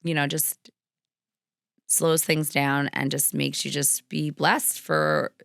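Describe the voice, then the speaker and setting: A young woman hosting a podcast, telling a story in a casual way, animated and laughing often, her voice jumping high when excited. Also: slow pace, creaky, dry recording, clean studio sound. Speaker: podcast host.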